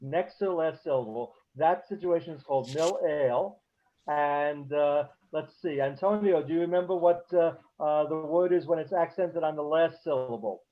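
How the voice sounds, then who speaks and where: A man teaching a beginner class over a video call, talking haltingly with many fillers and restarts. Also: fairly high pitch. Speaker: Hebrew teacher. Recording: dull lo-fi call audio.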